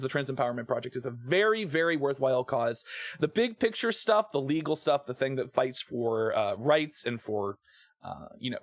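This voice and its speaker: A man's voice: medium pitch, no room sound. A man streaming a game, chatting casually with his chat and using lots of fillers. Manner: chatty, filler-heavy, greets chat by name.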